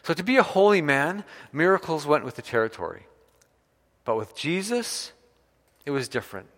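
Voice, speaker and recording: A man's voice: fairly high pitch, sing-song, moderate pace, fairly bright tone. Man preaching in a reverberant hall. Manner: storytelling preacher, varied emphasis. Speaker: pastor. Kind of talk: sermon.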